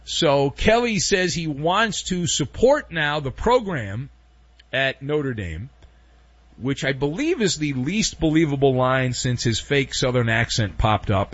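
A man hosting a sports talk show, giving opinionated commentary in a sarcastic, animated way. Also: a little high, slow pace, no room sound, highs cut off. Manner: sarcastic, animated, mock voices for anecdotes.

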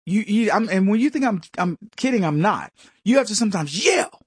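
An American man with a high, husky voice delivers a forceful opinion monologue. He trips over his words and restarts his sentences, and breaks into mocking voices. The sound is close and dry, with no room around it. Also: expressive, a little fast, dry recording. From United States. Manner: emphatic, stumbling restarts, mocking voices for others.

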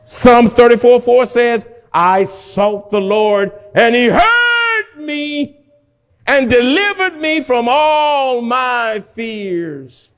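Preacher, male, high-pitched, slow unhurried delivery, swings between quiet reading and loud exhortation. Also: lively intonation. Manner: exhorting, calls for congregation to repeat. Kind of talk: sermon.

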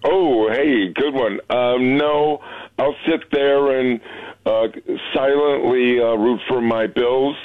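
A man's voice: medium pitch, fairly even intonation, takes it slowly, no echo. A man calling in to a sports radio show, easygoing and a bit hesitant, with plenty of fillers. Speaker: caller. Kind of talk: casual call-in chat. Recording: dry tinny phone line.

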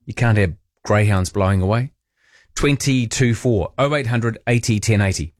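A man's voice: fairly low pitch, normal speed, a little mellow, no room sound, studio quality. A man with a New Zealand accent hosting late-night talkback radio, chatty and rambling as he searches for words. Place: radio studio.

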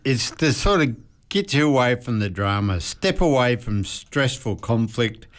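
A man's voice: mid-range voice, big pitch swings, measured pace. An older man co-hosting a radio show, chatting casually in a dry, matter-of-fact way. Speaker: radio co-host.

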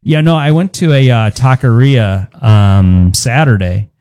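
Mellow rambling male radio host. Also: mid-range voice, a little slow, no room sound. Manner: rambling, joking, chuckles between words. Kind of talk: casual talk radio banter.

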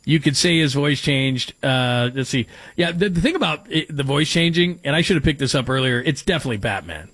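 A man's voice: expressive, brisk, hardly any pauses, a bit bright, no room sound. Chatty male sports radio host, dry sound. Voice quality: light, higher voice. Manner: rambling, jokey, reads listener texts. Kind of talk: casual sports talk.

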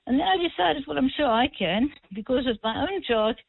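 A woman's voice: high-pitched, expressive, fairly quick, gravelly, breathy edge, no echo. A woman calling in to a radio show, telling a story hesitantly with many ums but firm in her views. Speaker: caller. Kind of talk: phone-in anecdote. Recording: tinny phone line.

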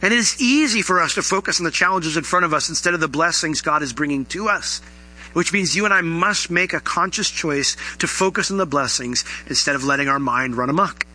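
Guy preaching, earnest and chatty, lots of questions to the crowd, slightly high and really bright voice. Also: fairly quick, rough recording. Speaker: pastor. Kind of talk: sermon.

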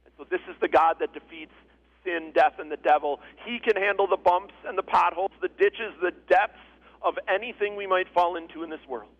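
A man's voice: sits high, a little fast, lo-fi sound. A man preaching a sermon as pastor, earnest and repeating phrases for emphasis.

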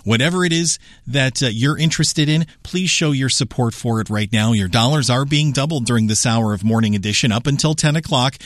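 A man's voice: medium pitch, brisk, hardly any pauses, no room sound. A man hosting a public radio pledge drive, chatting casually with fillers in the studio. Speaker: public radio fundraiser host. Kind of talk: pledge drive on-air chat.

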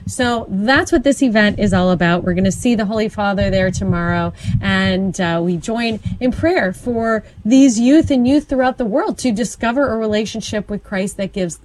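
A woman's voice: mid-range voice, moderate pace, hardly any pauses, a little mellow, low-quality recording. A woman chatting about church events in an upbeat, informative way, with the occasional restart. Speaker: co-host. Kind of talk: conversational Catholic radio chat.

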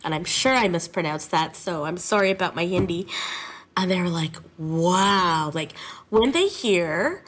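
A woman's voice: on the low side, unhurried. A woman music teacher talking casually and animatedly in an interview. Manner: animated, chatty.

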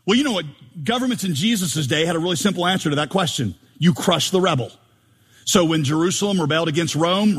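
Pastor, male, high husky voice, animated joking sermon delivery, long reverb. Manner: animated, joking, rhetorical questions.

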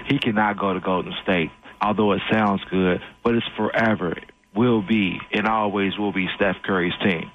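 A man's voice: on the low side, narrow, tinny audio. A man from Ohio calling into a sports talk radio show, stating his case firmly in a put-on radio voice. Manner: declarative, puts on a radio voice. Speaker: radio caller.

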